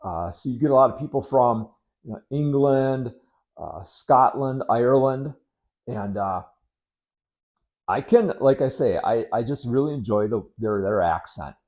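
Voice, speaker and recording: A middle-aged man from Wisconsin rambling casually to camera, unhurried and full of ums, with sarcastic asides. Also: medium pitch, lively intonation, darkish tone. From Wisconsin, United States. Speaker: vlogger.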